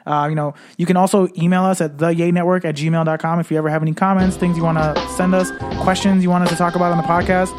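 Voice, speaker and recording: A man's voice: high voice, little pitch movement, fast, hardly any pauses, music in the background. A man hosting a casual sports podcast, laid-back and full of filler words. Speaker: podcast host.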